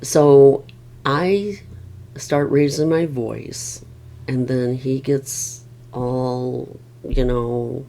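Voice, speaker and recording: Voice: mid-range voice, steady tone, extremely slow, gravelly, mellow. A middle-aged family caregiver rambling wearily in a casual vlog, with many restarts.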